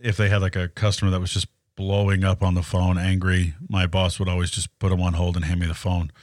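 A man's voice: deep voice, monotone, brisk, dry recording. A man chatting as a podcast guest, telling stories in a talkative, easygoing way. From Atlanta area, US. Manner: chatty storyteller. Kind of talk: casual chat.

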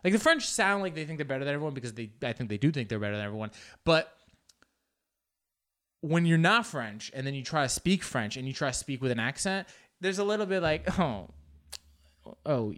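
A man's voice: mid-range voice, clean tone. A young man hosting a show alone, rambling in casual, profane, self-mocking chat. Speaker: podcast host.

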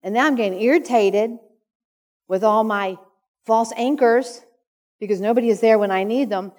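Middle-aged woman sharing her story at a conference, kinda high voice, big echoey hall. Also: normal speed, darkish tone. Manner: earnest, emotional storytelling. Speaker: conference speaker. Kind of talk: personal testimony talk.

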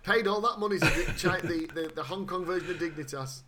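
A man's voice: high voice, fast, heavy background noise. A man in casual chat who throws in dry, sarcastic quips as podcast co-host.

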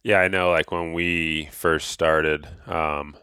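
Very deep gravelly man, laid-back chat. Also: little pitch movement, slow, bright, forceful tone, dry recording, clean studio sound. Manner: laid-back, heavy use of "like". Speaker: podcast co-host. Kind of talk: casual podcast chat.

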